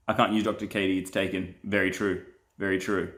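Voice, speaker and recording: Playful man with a low voice. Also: level tone, brisk, fairly bright tone. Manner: playful, joking, laughs often. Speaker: pastor and live streamer. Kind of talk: casual live-stream chat reading viewer comments.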